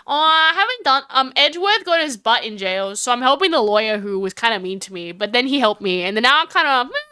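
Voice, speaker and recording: Brief: rambling self-mocking streamer woman, bright clear voice, dry close mic. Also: fairly high pitch, expressive, quick pace, hardly any pauses, dry recording. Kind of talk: casual game-playing chat.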